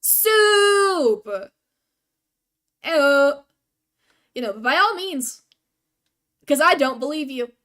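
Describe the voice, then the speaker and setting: A woman's voice: sits high, expressive, a little slow, long pauses, bright, forceful tone. A young woman streaming a video game, chatting casually with viewers in a rambling, self-deprecating way.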